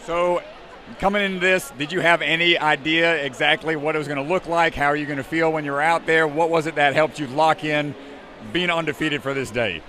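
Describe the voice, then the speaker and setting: A man giving energetic live sports commentary and interviewing an athlete. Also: a little high, fairly quick, slight background noise. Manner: energetic, hype.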